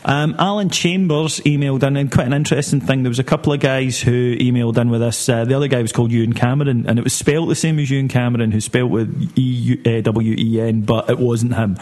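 A man hosts a football chat podcast at a rapid clip. His voice sits at an ordinary middle pitch, and he keeps things moving with wisecracks and quick asides. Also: steady tone, darkish tone. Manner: jokey, leads the talk with quick asides. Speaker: podcast host.

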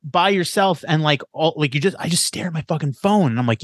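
A man's voice: fairly high pitch, animated, fairly quick, no room sound, studio quality. A young man co-hosting a casual podcast, talking loosely with lots of slang and fillers. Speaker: podcast co-host. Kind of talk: casual chat.

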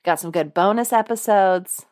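A woman's voice: medium pitch, normal speed, darkish tone. A woman co-hosting a podcast, chatting casually, joking and laughing often. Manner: giggly, joking, rambling. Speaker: podcast co-host. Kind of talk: casual chat.

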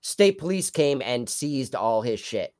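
A man's voice: medium pitch, very animated, unhurried, darkish tone. A man from New York co-hosting a podcast, speaking bluntly in casual chat and swearing freely. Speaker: podcast co-host.

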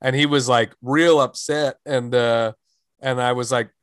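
A man's voice: mid-range voice, steady tone, unhurried, clean tone, no echo. A man who is a stand-up comedian, telling stories in casual chat and rambling with many fillers and restarts.

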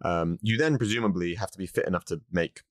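A man co-hosting a podcast in casual chat, jokey and quick to interrupt himself. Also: low voice, no room sound, clean studio sound. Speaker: podcast co-host.

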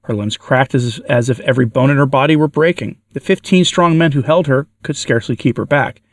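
A man narrating a religious story aloud in a measured way, with occasional stumbles. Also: medium pitch, no echo. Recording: dry, from far off the mic.

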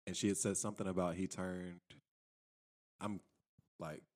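A man's voice: low voice, flat delivery, moderate pace, a little mellow. A man chatting casually and reflectively, retelling something he saw with quoted lines. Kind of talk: casual chat.

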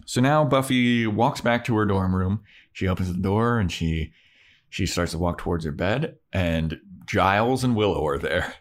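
A man's voice: sits low, normal speed. A man co-hosting a podcast, casually recapping TV scenes with mocking put-on voices and plenty of swearing. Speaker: podcast co-host.

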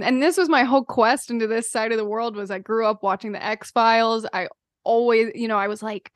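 A woman's voice: mid-range voice, no echo, studio quality. A woman from North Carolina hosting a podcast, chatting casually and agreeing often. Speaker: podcast host. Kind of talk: casual conversation.

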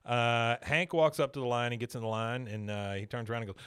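A man casually recapping a cartoon episode, telling the story with lots of laughs and quick jumps into other characters' voices. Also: clean tone. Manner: lively storytelling, acting out lines with big pitch jumps and laughing. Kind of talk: casual chat.

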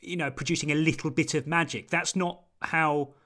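A man's voice: a little high, steady tone, normal speed, bright, forceful tone. A man hosting a football podcast, chatting in a wry, dry-humored way and steering the talk. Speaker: podcast host. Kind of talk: casual chat.

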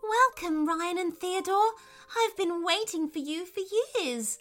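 A woman voicing a gentle, charming male unicorn in a storybook reading, speaking high and sweet. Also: a little slow, soft background music. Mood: welcoming.

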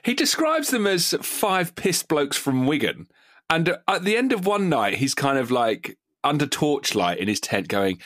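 A man's voice: a little high, big pitch swings, moderate pace, a bit bright, no echo, studio quality. A man chatting casually on a podcast, recounting scenes in a conversational way. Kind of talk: casual chat.

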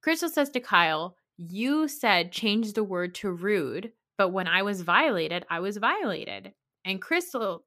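A woman hosting a podcast, recapping reality TV in a sarcastic, opinionated and animated way. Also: medium pitch. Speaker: podcast host.

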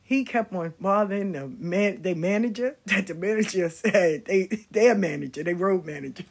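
A middle-aged woman telling stories about her life in a casual, blunt and animated way, swearing freely. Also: mid-range voice, normal speed, vocal fry, a little hiss or hum. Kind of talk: casual storytelling.

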